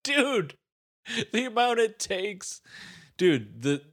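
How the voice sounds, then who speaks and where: A man's voice: high voice, big pitch swings, slow pace, a bit bright. A man in casual chat, exasperated by a movie, swearing and laughing often.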